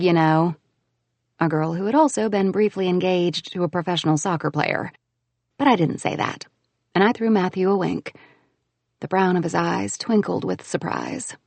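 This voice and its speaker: Expressive woman reading an audiobook. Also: medium pitch, gravelly, no room sound. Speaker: audiobook narrator. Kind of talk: scripted narration.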